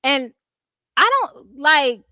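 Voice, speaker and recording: A Californian woman delivers a blunt, sassy commentary rant, swearing freely as she talks straight to her viewers. Her voice sits a little on the high side, and the sound is dry and close with no room echo. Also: extremely slow, bright, forceful tone. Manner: blunt, profane and sassy, addressing viewers as "y'all". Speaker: commentary streamer.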